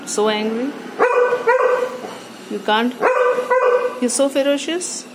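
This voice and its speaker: A woman with a high voice coaxes and teases her pet dog in a home video, falling into baby talk. Steady background noise runs under the phone recording. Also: slow pace. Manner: coaxing, playful, talks to the dog like a baby.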